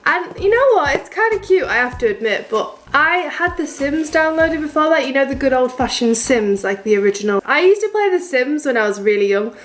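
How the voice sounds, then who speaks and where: A woman's voice: high voice, very animated, brisk, hardly any pauses. A woman in her twenties chatting through a baking vlog in her home kitchen, rambling with self-mocking asides. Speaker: vlogger.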